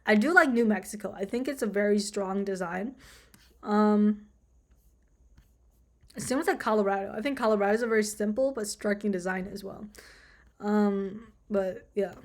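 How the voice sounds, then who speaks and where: A woman's voice: medium pitch, normal speed, pauses often. A young woman chatting casually as she reacts to designs, full of fillers and easy swearing. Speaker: vlogger. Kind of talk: casual commentary video.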